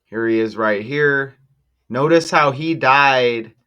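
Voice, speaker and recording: A man hosting his own channel, talking casually and excitedly to viewers while walking through on-screen material, exclaiming often. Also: medium pitch, slow pace, lo-fi sound, a little hiss or hum. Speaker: channel host decoding news numbers. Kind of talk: casual screen-share commentary.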